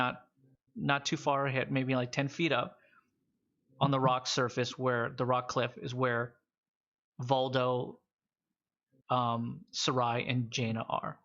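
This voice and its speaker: A man's voice: medium pitch, little pitch movement, slow, fairly bright tone. Guy running a tabletop rpg, rambly narration, kinda dull lo-fi audio. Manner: loose, rambling narration with many restarts. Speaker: game master.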